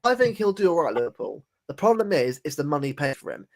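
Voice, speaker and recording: Casual podcast co-host, male, slightly higher voice, rambling and repetitive delivery. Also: sing-song, fast. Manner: rambling, repeats words and says mate often. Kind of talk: casual football chat.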